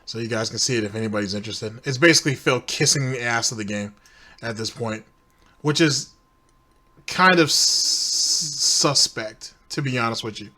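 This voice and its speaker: Sarcastic commentary host, forceful tone. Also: male voice, mid-range voice, fast talker. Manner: dry, sarcastic. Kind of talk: mocking commentary.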